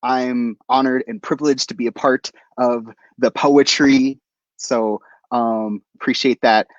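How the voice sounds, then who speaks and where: A man's voice: medium pitch, a little slow, no echo. A man on a video call at an online open mic, introducing himself with many fillers and then reading a poem. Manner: relaxed, hesitant with many fillers. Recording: dry, dull lo-fi call audio.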